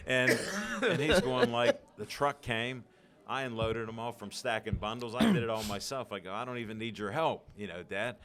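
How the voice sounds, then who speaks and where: A man's voice: medium pitch, moderate pace, crowd noise. An older man from Pittsburgh, a podcast guest, telling stories animatedly and acting out the dialogue. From Pittsburgh, USA. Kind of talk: storytelling interview.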